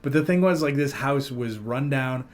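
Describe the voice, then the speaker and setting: A man's voice: medium pitch, moderate pace. A man hosting a podcast, chatting casually and telling stories with plenty of fillers and restarts. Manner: rambling, animated storytelling with fillers and laughs. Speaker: podcast host. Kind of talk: casual chat.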